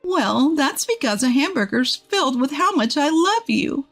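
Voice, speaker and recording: A woman voices a tender older grandmother, pitched high above her own natural voice and heavily acted. Her delivery swings widely in pitch at a normal speed with a fairly bright tone, and faint music plays behind.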